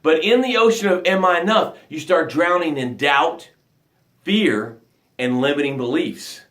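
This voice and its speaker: A man's voice: on the high side, measured pace, echoey room. A man hosting a live motivational broadcast as a coach, talking emphatically and reading out viewer comments. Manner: energetic, emphatic, reads viewer comments aloud.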